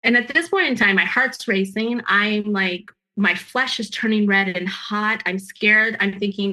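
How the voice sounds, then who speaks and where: Bright, earnest woman telling her story. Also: mid-range voice, measured pace, few pauses, poor audio. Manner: earnest and emphatic, with frequent restarts. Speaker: guest sharing her story. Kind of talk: personal storytelling.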